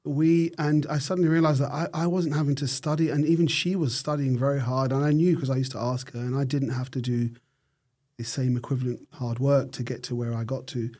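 A middle-aged man speaks as an interview guest, his voice warm and mellow at a middle pitch. He tells his story thoughtfully, often pausing and correcting himself mid-sentence as he searches for the right words. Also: fairly even intonation. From United Kingdom. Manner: thoughtful, with frequent restarts and self-corrections. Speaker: guest, neurosurgeon.

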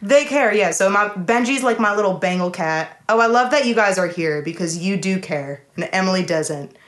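A woman co-hosting a casual chat over a video call, animated and laughing, slipping into playful impressions. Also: medium pitch, moderate pace. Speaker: co-host.

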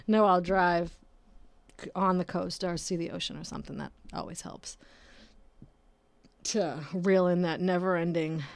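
A woman's voice: on the low side, a little mellow, dry recording. A woman in her thirties hosting a casual solo podcast, rambling and self-mocking, laughing often and swearing casually. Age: 30s. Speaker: podcast host.

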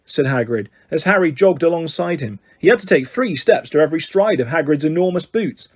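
A man's voice: fairly high pitch, lively intonation, a little fast, hardly any pauses, slightly rough. A man reading a storybook aloud, now and then stumbling over words and correcting himself. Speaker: reader. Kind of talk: storybook narration.

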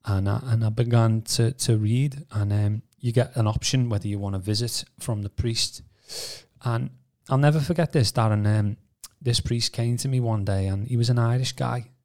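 A man's voice: medium pitch, moderate pace, a little mellow. A man telling his story on a podcast in a rambling way, full of restarts and fillers. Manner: rambling, many restarts and "you know" fillers. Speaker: podcast co-host. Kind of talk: casual personal testimony.

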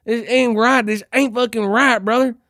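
A man's voice: extremely high pitch, steady tone, moderate pace, sharp tone, no room sound, studio quality, pitched above the performer's own voice. A man mockingly voicing a swaggering, patriotic macho bro who keeps calling people "brother.". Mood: riled up.

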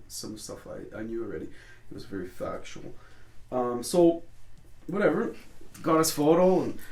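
A man, a street photographer, telling stories loosely in an interview and swearing a lot. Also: fairly low pitch. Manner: loose, swearing, animated storytelling. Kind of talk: casual storytelling interview. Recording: echoey room with faint noise.

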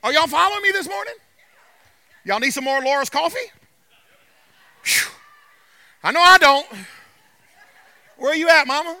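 A man's voice: very high-pitched, normal speed, pauses often, bright, forceful tone, no echo. A male pastor preaching a sermon with emphatic repetition, asking "Amen?" as he goes.

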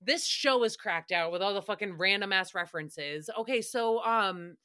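A woman's voice: mid-range voice, normal speed, pushed and bright. A young woman hosting a podcast recap, talking in a rambling, profane, exasperated way. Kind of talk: casual solo recap chat.

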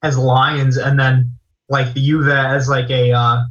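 A man, recorded a little dull and lo-fi, at a middle pitch. He chats on a podcast, telling animated stories with casual swearing. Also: slow pace. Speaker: podcast co-host. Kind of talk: casual chat.

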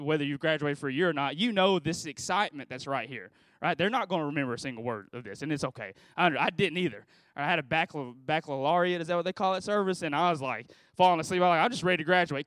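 A man's voice: fairly high pitch, fairly bright tone, no room sound. A man in his thirties giving a conversational sermon at a graduation service, asking the audience question after question and circling back on his phrases. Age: 30s. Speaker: pastor.

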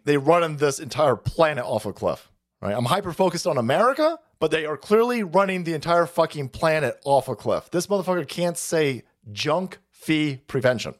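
Cussing guy on his stream, voice sits a bit high and jumps all over, sarcastic, yells now and then. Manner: foul-mouthed, sarcastic, shouting outbursts. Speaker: political livestream host. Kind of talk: profane political rant.

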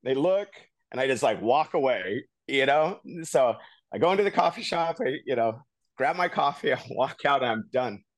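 Man, podcast co-host, casual storytelling, animated, mid pitch, dry close sound. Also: normal speed, dry recording. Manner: animated, full of "like" and "you know".

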